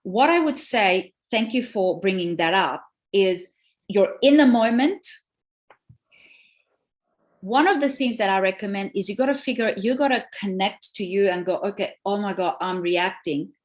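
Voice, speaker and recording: A woman relationship coach talking in an interview, animated and emphatic, driving her points home with repetition. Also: mid-range voice, normal speed. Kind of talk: interview conversation.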